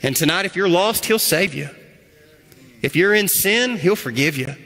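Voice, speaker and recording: A male pastor preaching a sermon, his voice swinging from loud to hushed. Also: high-pitched, lively intonation, moderate pace. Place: church sanctuary. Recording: echoey church hall.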